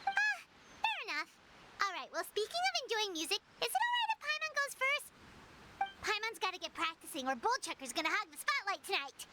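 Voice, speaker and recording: Brief: a tiny chirpy game fairy, very high and bouncy, game music behind. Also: female voice, sing-song, fairly quick, very noisy. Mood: playful. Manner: high, bouncy, speaks of herself in third person. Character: tiny chirpy floating fairy companion, excitable.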